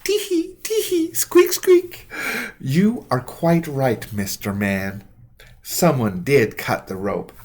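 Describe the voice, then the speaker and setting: A man voicing a tiny, kind, cheerful female field mouse who squeaks and giggles, in a storybook reading. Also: big pitch swings, slow, darkish tone, heavily acted.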